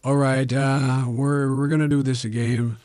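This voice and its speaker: Yorkshire guy doing a forgetful rambling old politician thru a voice changer, mellow dark tone, mumbly. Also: mid-range voice, level tone, measured pace, dry recording, soft background music. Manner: mumbly, meandering. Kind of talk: gaming commentary in a put-on voice.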